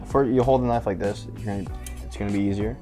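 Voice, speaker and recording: A man's voice: fairly low pitch, fairly even intonation, fast, music in the background. A man hosting a casual cooking show, chatty and easygoing as he walks through each step.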